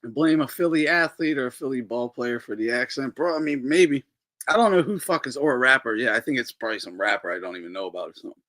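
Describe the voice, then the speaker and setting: A man with a mid-range voice and sharp tone talks at a quick pace while hosting a casual boxing talk livestream on a streaming microphone. He rambles, swears, and sounds incredulous as he reacts to clips.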